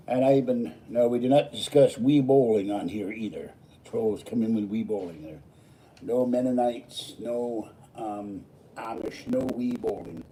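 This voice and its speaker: Tired man, low mellow voice, rambling vlog chat, distant mic with faint background. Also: noisy background. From Pittsburgh, USA. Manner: digressive, jumping from topic to topic. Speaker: vlogger. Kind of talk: casual rambling monologue.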